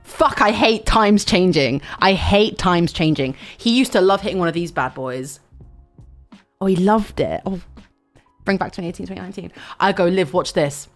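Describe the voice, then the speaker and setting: A young woman, telling a story to her stream in a loud, animated way, with swearing and sudden shouts. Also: on the low side, moderate pace, soft background music. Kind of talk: casual storytelling chat.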